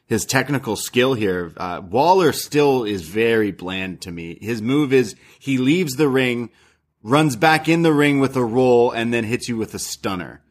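A man's voice: mid-range voice, lively intonation, measured pace. Rambling, jokey man talking wrestling. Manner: rambling, jokey, many fillers. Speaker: wrestling podcast co-host. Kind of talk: casual recap chat.

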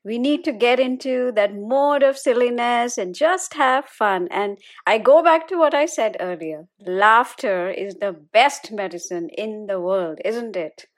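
Woman co-host, high voice, playful and laughs easily. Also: unhurried, hardly any pauses. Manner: giggly, playful. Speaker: storyteller and podcast co-host. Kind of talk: casual podcast chat.

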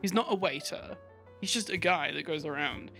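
A man co-hosting a podcast, chatting casually and telling stories with lively put-on voices. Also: fairly high pitch, normal speed, gravelly, soft background music. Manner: animated storytelling with put-on impressions. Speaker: podcast co-host. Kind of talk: casual chat.

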